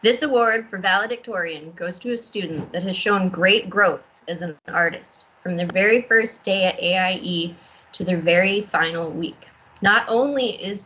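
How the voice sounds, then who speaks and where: A nervous woman giving an award speech, her voice at a middling pitch. The recording is dull and lo-fi. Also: sharp tone. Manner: nervous, laughing. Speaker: art instructor presenting an award. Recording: dull lo-fi sound.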